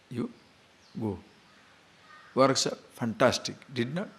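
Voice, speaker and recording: A man teaching scripture, emphatic and full of rhetorical questions, sometimes chanting verses slowly. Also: mid-range voice. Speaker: spiritual teacher. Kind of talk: lecture on scripture.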